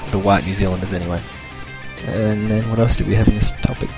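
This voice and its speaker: A man's voice: on the low side, steady tone, fast talker, music in the background. A young Australian man hosting a casual solo podcast, rambling loosely and chuckling as he talks. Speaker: podcast host.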